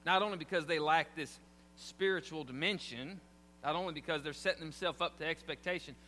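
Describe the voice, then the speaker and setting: A man delivers a sermon in a joking, conversational way, turning to address his congregation directly. His voice sits high and sounds bright and forceful. The sound carries a long church-hall reverb over a faint hum. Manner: conversational preaching with humor, asides to the congregation. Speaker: pastor. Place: church sanctuary.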